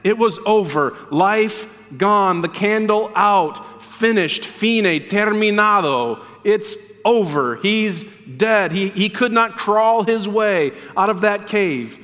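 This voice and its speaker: Male preacher, high voice, dramatic sermon delivery that slows for emphasis, church hall reverb. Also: lively intonation, a bit bright. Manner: dramatic, slows down to stress words. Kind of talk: sermon after a scripture reading.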